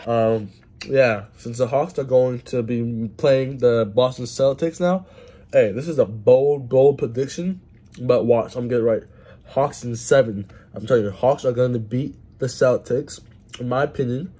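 Casual male vlogger, average pitch, phone-camera sound, excitable sports fan who swears and talks with his mouth full. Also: unhurried, husky.

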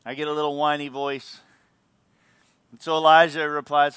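A male pastor delivers an earnest, emphatic sermon in a high, bright voice. His speech is smooth and crisp. The sound is dry, with no room echo. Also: level tone, moderate pace, long pauses.

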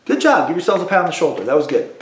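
A music teacher drilling students through call-and-response practice, patient and repetitive. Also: male voice, fairly high pitch, very animated, very fast, echoey room. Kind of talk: recorded music lesson for students.

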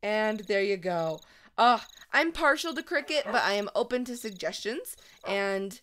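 A woman hosting a let's-play, chatting casually through her game and talking sweetly to her in-game pets, with sudden excited shrieks. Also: mid-range voice, unhurried, a little hiss or hum. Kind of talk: casual gameplay commentary.

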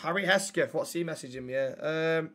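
A young man streams a game and chats with his viewers in a fairly high, sharp voice at a moderate pace. His banter is blunt and full of swearing.

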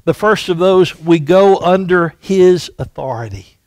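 Male pastor preaching in church. High voice, slow and emphatic delivery, dry close sound. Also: expressive, darkish tone, no echo. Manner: emphatic, repeats rhetorical questions. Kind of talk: sermon. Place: church sanctuary.

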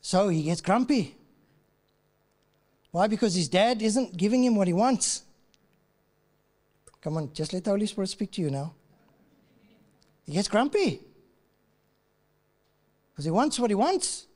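A man's voice: high voice, expressive, unhurried, long pauses, darkish tone. Pastor telling a story in his sermon, chatty, plays the parts, big echoey church. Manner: conversational storytelling, acts out dialogue. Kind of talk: sermon with personal stories. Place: church auditorium. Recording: reverberant church hall.

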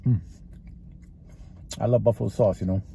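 A man's voice: on the low side, fairly even intonation, moderate pace, creaky, warm tone, a little hiss or hum. A man with a Texas-sounding drawl vlogging casually as he eats in his parked car, rambling and chatty, talking between bites. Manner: rambling, chatty, talks while chewing. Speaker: food vlogger. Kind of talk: casual eating vlog. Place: parked car with engine running.

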